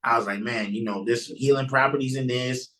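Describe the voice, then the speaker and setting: A man speaking as a podcast guest, recounting a personal testimony in an earnest, conversational tone. His voice sits at an ordinary middle pitch for a man. He circles back and restarts his sentences as he goes. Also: fairly even intonation, fairly quick, a bit bright, poor audio.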